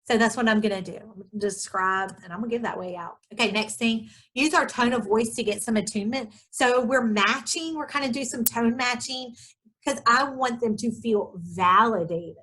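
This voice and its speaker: A woman's voice: fairly high pitch, normal speed, sharp tone, husky. Chatty woman presenting a parenting webinar. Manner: conversational, chatty with many fillers. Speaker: parenting educator. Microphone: webinar microphone.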